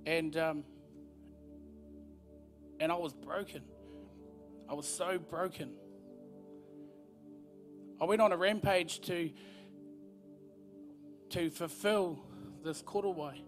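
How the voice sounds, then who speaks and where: A man giving an earnest, halting testimony at a church service. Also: fairly high pitch, faint music behind. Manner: earnest, halting, repeats words as he speaks. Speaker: guest speaker sharing his testimony.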